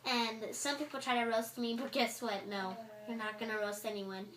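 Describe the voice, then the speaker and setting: A woman's voice: fairly high pitch, flat delivery, moderate pace, a bit bright. A teenage girl vlogging in a casual, chatty way, exasperated and acting out what others say. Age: teens. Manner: chatty, exasperated, acts out quotes. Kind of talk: casual chat to camera. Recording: echoey room with faint noise.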